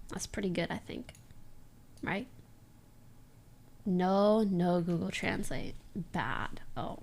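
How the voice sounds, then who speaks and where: A woman's voice: fairly low pitch, slow, creaky, pauses often, darkish tone. A young woman livestreamer chatting casually and playfully, laughing often as she sounds out words. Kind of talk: casual stream chat.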